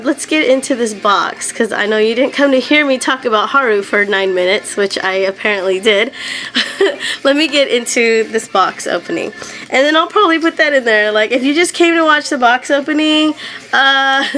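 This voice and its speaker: A young woman excitedly chatting on camera at home as she unboxes a package, giggling often and filling her talk with 'like'. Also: on the high side, rough recording. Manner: bubbly and giggly, lots of 'like' fillers. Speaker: doll collector vlogger. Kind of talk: casual unboxing chat. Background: background music.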